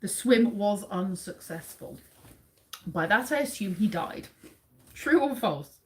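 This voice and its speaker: An English woman in her forties hosts a casual live quiz from a dim room at home, reading out facts and chatting with viewers by name. Her delivery is animated and slow, with a pitch that rises and falls a lot.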